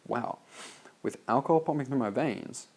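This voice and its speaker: A man's voice: medium pitch, normal speed, a little mellow. An Australian man reading his own sales copy aloud and critiquing it in a loose, casual way, full of "like" and swearing. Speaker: copywriter reviewing a sales letter.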